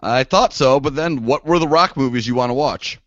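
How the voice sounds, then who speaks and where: Here a young podcast co-host talks at normal speed in a mid-range, somewhat bright voice, keeping things laid-back and full of filler words. The sound is dry, dull and lo-fi, without any echo.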